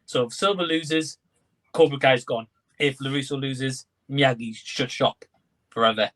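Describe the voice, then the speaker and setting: A man's voice: mid-range voice, a little slow, fairly bright tone. A man who is a guest on a casual podcast chat. He talks at length, weighing his predictions. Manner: speculative, lays out predictions at length.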